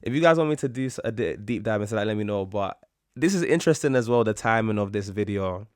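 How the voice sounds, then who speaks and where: A man hosting a reaction video, talking casually in a relaxed, hesitant way and trailing off with fillers. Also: lowish voice, quick pace, smooth, no room sound, studio quality.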